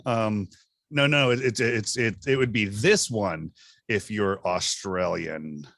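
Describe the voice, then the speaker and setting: A man's voice: fairly low pitch, slow, vocal fry, a bit bright, no room sound, studio quality. A man co-hosting a comedy podcast in casual chat, joking and laughing often. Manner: joking, laughs often, plays text-to-speech voices from his phone. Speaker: podcast co-host.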